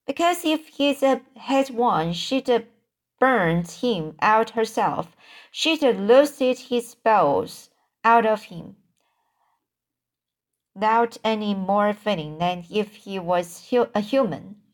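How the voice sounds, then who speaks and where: A woman reading the lines of a cheeky young boy talking back to his aunt, halting and correcting herself as she goes. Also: mid-range voice, expressive.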